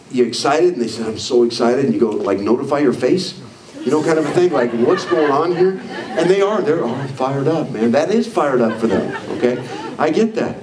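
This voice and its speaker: Male speaker with a fairly high voice, upbeat trainer style, recorded from far off in an echoey hall. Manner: energetic, acts out quoted people in animated voices. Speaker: leadership trainer. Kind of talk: motivational training talk to a live audience. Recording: echoey hall, mic from far off, faint noise.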